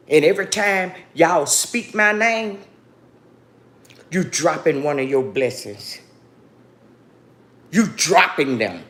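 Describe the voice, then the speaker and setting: A woman's voice: on the low side, fairly bright tone. A woman speaking straight to her viewers, grieving and angry, defiant and preachy, and calling them "baby" again and again. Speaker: vlogger. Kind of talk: emotional direct-to-camera monologue.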